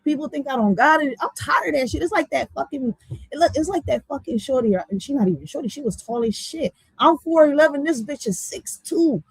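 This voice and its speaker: A woman from Philadelphia with a Philly accent, ranting bluntly and with a lot of swearing, going from loud outbursts to low muttering. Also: expressive, a little fast, no echo, poor audio. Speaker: vlogger. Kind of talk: heated profane rant.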